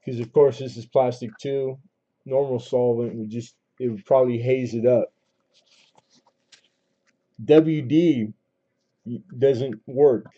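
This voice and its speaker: A man with a very dark, mellow voice runs a casual coin auction livestream, chatting in a loose, rambling way. He trails off, restarts his sentences and fills gaps with ums. The audio sounds dull and lo-fi, like a basic stream setup. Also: mid-range voice, fairly even intonation, takes it slowly, pauses often. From Southern California.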